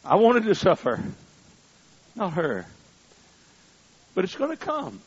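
An older man preaching a sermon, swinging between loud shouted appeals and quiet storytelling. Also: sits high, wildly swooping pitch, slow, slightly rough. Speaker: pastor. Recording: muffled, lo-fi.

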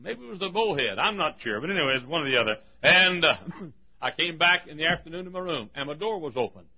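An older man from Texas, a pastor, telling folksy sermon anecdotes with frequent chuckles and loud acted-out quotes. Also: fairly high pitch, expressive, quick pace, highs cut off. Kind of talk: sermon storytelling.

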